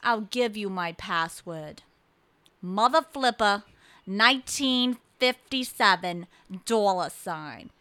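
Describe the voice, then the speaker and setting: A woman voicing a brash, loud woman cab driver with a deep New England accent, speaking slowly and indignantly. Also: no echo. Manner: loud, indignant, slow and drawn out.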